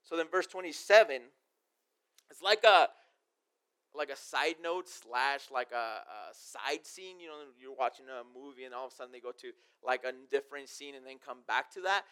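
A man's voice: mid-range voice, expressive, moderate pace, a bit bright, clean tone. A man preaching a casual sermon, reading scripture verses aloud and then explaining them in everyday, conversational terms. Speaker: pastor.

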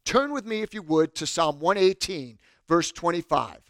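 A man preaching a sermon, reading scripture aloud, asking rhetorical questions, rising loud on quotes and dropping soft. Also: a little high, very animated, normal speed, dry recording, clean studio sound. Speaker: pastor.

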